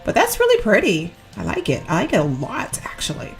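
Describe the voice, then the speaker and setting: A woman's voice: medium pitch, huge pitch swings, fairly quick, faint music behind. A woman giving casual, rambling commentary while decorating in a life-sim game, often correcting herself. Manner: chatty, rambling, self-correcting, giggly. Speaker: Sims gameplay YouTuber.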